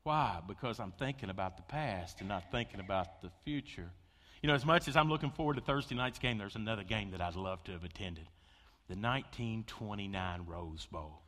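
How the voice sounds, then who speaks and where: A man preaching a sermon, telling stories with big swings between loud excitement and hushed intensity. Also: on the low side, a little fast. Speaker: pastor. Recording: long hall reverb.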